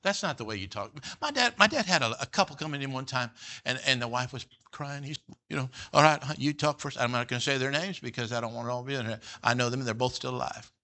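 A man's voice: medium pitch, quick pace, sharp tone. A middle-aged man preaching a sermon as pastor, folksy and joking, often checking in with "all right?" and "you know".

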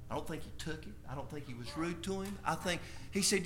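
Bright, high-voiced preacher man. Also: fairly quick, few pauses, slight background noise. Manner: storytelling that builds from soft to shouting. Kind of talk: sermon.

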